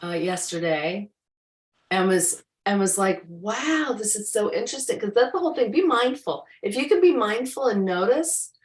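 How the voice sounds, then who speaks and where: A woman's voice: mid-range voice, expressive, moderate pace. Woman in an echoey room, distant mic. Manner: reflective, meandering, with acted-out inner quotes. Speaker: co-host. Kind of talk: casual spiritual chat over video call. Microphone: video call.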